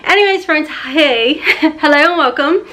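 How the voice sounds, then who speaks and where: A woman's voice: sits high, measured pace, pushed and bright. A woman in her thirties chatting bubbly and rambling in a beauty unboxing vlog, now and then cooing baby talk to her cat. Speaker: beauty vlogger.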